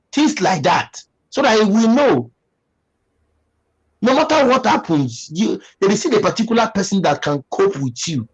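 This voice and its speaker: A man with a Nigerian English accent hosts a livestream chat, talking in a slightly high voice. His delivery is preachy and emphatic, and he repeats his points as he reads viewer comments. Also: sing-song, moderate pace, husky, rough recording. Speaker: livestream host.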